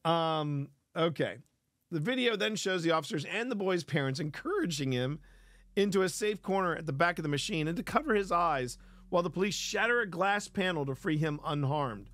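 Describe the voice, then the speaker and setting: Animated, rambling male streamer. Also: fairly high pitch, brisk, no echo. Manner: animated, rambling, frequent laughs and restarts. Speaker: streamer host reading weird news. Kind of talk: casual commentary.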